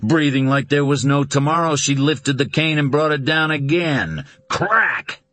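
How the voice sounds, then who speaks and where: A man narrating a suspense novel in a deliberate, dramatic reading. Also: fairly high pitch, fairly bright tone, no room sound. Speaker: audiobook narrator.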